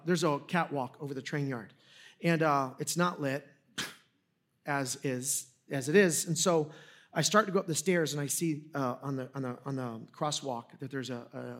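A man's voice: a little high, fairly bright tone. A man preaching a sermon in a conversational, storytelling way, joking at his own expense with frequent restarts. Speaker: pastor.

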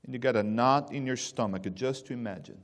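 A man preaching a sermon, swinging between loud emphatic bursts and hushed, low lines. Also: fairly quick. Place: church sanctuary. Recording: long reverb of a church hall.

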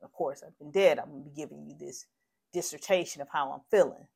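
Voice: mid-range voice, fast, creaky, darkish tone, slightly rough. An adult podcast host speaking in a candid, rambling personal monologue, shaken and turning heated and profane.

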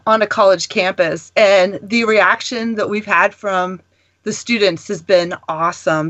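A woman guest on a ministry talk show, telling stories in a lively, rambling way and laughing often. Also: mid-range voice, no echo, lo-fi sound. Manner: animated storytelling, laughing often. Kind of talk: casual chat.

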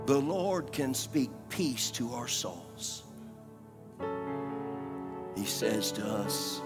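A man preaching a sermon as pastor, in a slow cadence full of "uh" fillers that sinks to hushed, near-whispered passages. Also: lowish voice. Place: church service. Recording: live church recording in a reverberant hall with faint music.

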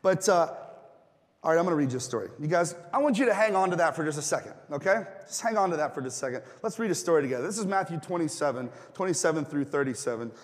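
Joking pastor in a reverberant hall. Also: male voice, on the high side, lively intonation, fast talker. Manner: casual, joking, asks the congregation questions. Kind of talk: sermon. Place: church hall.

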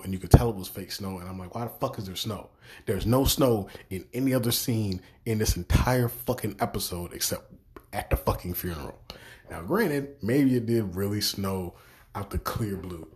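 Young male podcaster, low-pitched, profane and exasperated, circles back and repeats himself. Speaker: podcast host. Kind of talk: profane ranting review.

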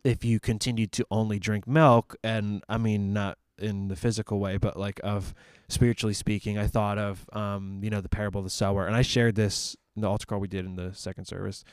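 A man's voice: on the low side, level tone, a little fast, hardly any pauses, clean tone, no echo, studio quality. A man who ministers at a church, talking through ideas about the church's purpose in a casual discussion, thinking aloud with fillers and restarts.

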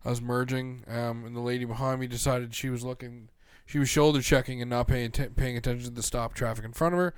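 A man's voice: medium pitch, steady tone, fast, hardly any pauses, clean tone, no room sound, studio quality. Brash swearing young man telling stories. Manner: swearing, loud storytelling. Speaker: podcast co-host. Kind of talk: casual chat.

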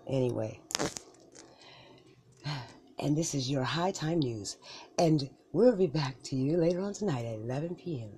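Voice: medium pitch, expressive, a little slow, long pauses, mellow, a little hiss or hum, voice pushed down, close to an everyday voice. A performer voicing a goofy late-night TV news anchor in an improvised comedy skit, repeating words in a sing-song way. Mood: mock-formal.

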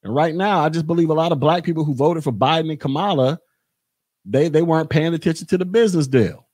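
A man's voice: a little high, fast talker, darkish tone, no echo, studio quality. A podcast host, a man, delivering a blunt, repetitive political rant in a monologue. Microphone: podcast mic.

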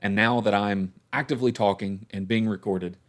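Low-ish guy hosting a chill podcast from home, jokey, laughs a lot. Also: steady tone, moderate pace. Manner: chatty, laughs often, playful mock-apologetic asides. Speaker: podcast host. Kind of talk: casual chat.

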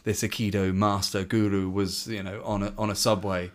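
A young man telling a story in casual chat, animated and playful, slipping into voices for the characters. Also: on the low side, normal speed. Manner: animated, acts out characters in silly voices, laughs.

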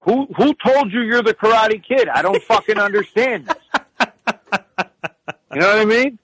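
A man's voice: sits high, moderate pace, a bit bright, slightly rough, dry recording, rough recording. A man telling rambling, profane stories in casual chat on a podcast. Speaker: podcast guest storyteller.

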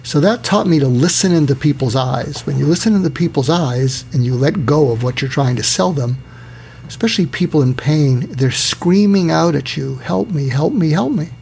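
Male psychiatrist, gravelly voice, storytelling delivery, acts out quoted voices. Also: fairly high pitch, moderate pace, a little mellow, a little hiss or hum. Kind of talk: storytelling talk.

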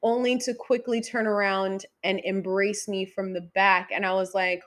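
A woman telling stories in a frank, profane, casual monologue, jumping between loud outbursts and quiet, trailing asides. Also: mid-range voice, little pitch movement, normal speed. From San Diego area.

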